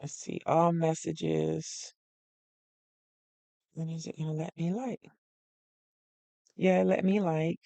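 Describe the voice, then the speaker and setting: A woman's voice: low-pitched, level tone, takes it slowly, creaky, pauses often, mellow, no room sound. A woman hosting a live planner stream from home, chatty and greeting viewers by name as she thinks aloud. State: a little out of breath. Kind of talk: casual live-stream chat.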